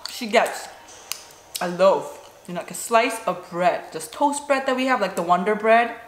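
A woman's voice: medium pitch, animated, normal speed. Woman, Korean-born, native Korean speaker, 40s, chatty storytelling, filler-heavy, roomy sound, faint background noise. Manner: chatty, full of "you know" and "like". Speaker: vlogger. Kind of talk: casual storytelling during a mukbang.

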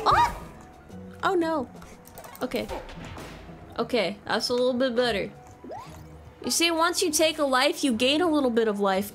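A high-voiced woman streaming a video game, cracking jokes and swearing as she plays. She talks at an unhurried pace, breaking into panicked yelps and laughter. Game music runs underneath. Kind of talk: casual gameplay commentary.

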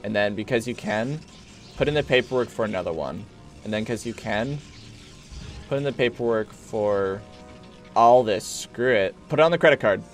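Guy streaming a strategy game, super animated, bossy and giggly, yelling orders at his little units. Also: fairly low pitch, normal speed, soft background music. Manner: giggly and excitable, mock-belligerent. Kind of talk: live gameplay commentary.

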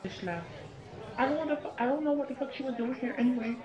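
A woman's voice: high-pitched, animated, fast talker, dull audio, a crowd in the background. A young woman voicing a boastful teenage schoolgirl who talks in slang and swears freely. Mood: scornful. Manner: slangy, profane, bragging. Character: boastful teen schoolgirl with a crush.

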